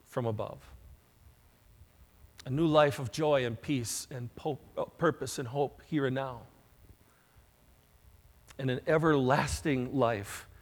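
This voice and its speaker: A male pastor preaching a sermon, slow and emphatic, with dramatic rises in loudness. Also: medium pitch. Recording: long hall reverb.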